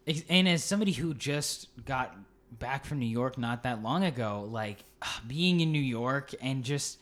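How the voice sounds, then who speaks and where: A man's voice: medium pitch, expressive, normal speed, fairly bright tone. A young man in casual podcast chat with an ordinary mid-range voice. He gushes about what he loves and leans on filler words. The talk stays loose and eager. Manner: gushing, enthusiastic, many fillers. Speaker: podcast co-host.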